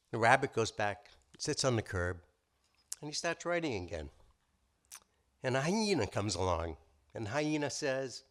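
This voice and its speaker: A man in his sixties telling a story live at a story slam, animated and jokey, with uh and so. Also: medium pitch, moderate pace, pauses often. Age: 60s. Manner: animated joke-telling with filler words.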